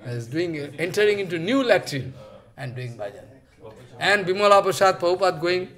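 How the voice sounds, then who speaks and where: A man's voice: a little high, lively intonation, a little fast. A man giving a devotional sermon in English, telling stories emphatically and acting out the voices in them, with many "you know" fillers. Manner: emphatic storytelling, acting out quoted voices with sudden shouts; frequent "you know" fillers, non-native English phrasing. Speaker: spiritual teacher giving a discourse.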